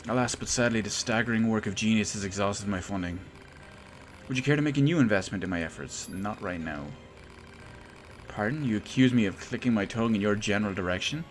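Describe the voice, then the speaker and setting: A man voicing a boastful male robot inventor who speaks in grand, old-fashioned phrases and pitches for money. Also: brisk, a little hiss or hum, close to an everyday voice. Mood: grandiose.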